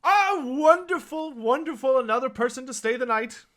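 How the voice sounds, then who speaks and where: A man's voice: high-pitched, sing-song, normal speed, bright, forceful tone, exaggerated voice. A man playing a chatty, homely tavern barkeep. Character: friendly homely middle-aged male tavern barkeep.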